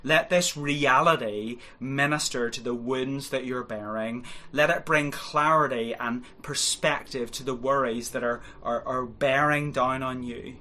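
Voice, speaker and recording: A man's voice: mid-range voice, fairly even intonation, a little slow, hardly any pauses, sharp tone. A man preaching a sermon, earnest and exhorting, pressing his points home with rising and falling emphasis. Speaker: pastor.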